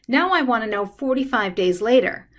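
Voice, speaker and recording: A woman teaching a math lesson, working through problems in a steady, step-by-step way at a desk microphone. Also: a little high, moderate pace. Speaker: math instructor.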